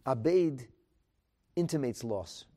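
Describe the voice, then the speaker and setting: A man teaching a Talmud class, animated and emphatic, asking rhetorical questions and mixing in Hebrew terms. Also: mid-range voice, takes it slowly. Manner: mixes in Hebrew and Aramaic terms.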